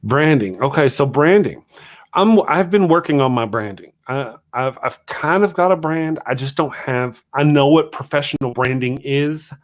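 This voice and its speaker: A man's voice: mid-range voice, lively intonation, moderate pace. A man hosting a solo livestream morning show, talking casually and ranting in a rambling, self-deprecating way.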